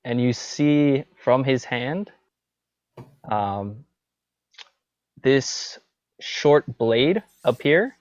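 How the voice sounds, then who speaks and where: A man's voice: medium pitch, lively intonation, very slow, long pauses, no room sound, dull audio. A man narrating as a tabletop game master in a loose style, full of fillers like "um" and "like".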